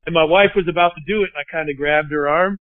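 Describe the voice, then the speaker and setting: A man hosting a podcast, telling a story in a lively, casual way, swearing and acting out what people said. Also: fairly high pitch, quick pace, no echo. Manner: lively, swearing, acts out quotes. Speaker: podcast host. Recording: dry, phone-like narrow sound.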